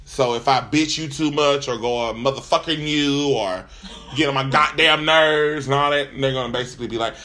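Bright-voiced man ranting comically. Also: medium pitch, normal speed. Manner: animated, profane, exasperated. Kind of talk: comedic storytelling rant.

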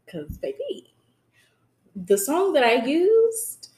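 Young woman cohost, slow giggly storytelling, kinda high voice, echoey room. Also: wildly swooping pitch, warm tone. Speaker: podcast co-host. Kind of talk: casual chat. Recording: echoey room with faint background noise.

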